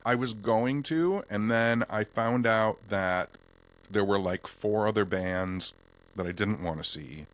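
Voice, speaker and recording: Laid-back male guest from Michigan, lowish chest voice, rambling storyteller. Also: measured pace. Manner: relaxed, rambling, keeps his voice in his chest. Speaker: podcast guest. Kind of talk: casual interview chat.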